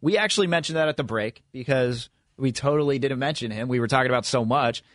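A man co-hosting a sports radio show in a loose, rambling way, with many stops and restarts as he works through his point. His voice sits at an ordinary pitch. The sound is dry and close to the mic. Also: fast talker, no room sound. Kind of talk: casual sports radio chat.

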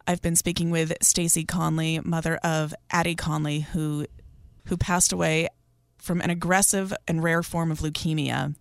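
A podcast host wrapping up an interview segment with a measured sign-off. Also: medium pitch, level tone, vocal fry, clear, resonant tone, no room sound.

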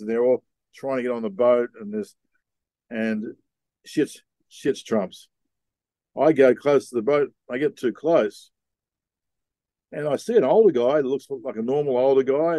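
Laid-back man, mellow voice. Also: mid-range voice, normal speed, no echo. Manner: laid-back, rambling, with Aussie slang. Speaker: podcast guest, sea captain. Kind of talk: casual storytelling.

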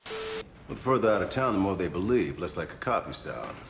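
A gruff, brisk man briefs an undercover cop in a TV drama. His voice sits very low and gravelly, and he talks quickly. The clip carries a clear layer of noise. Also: big pitch swings, full character voice. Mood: businesslike. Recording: noisy clip from a TV series.

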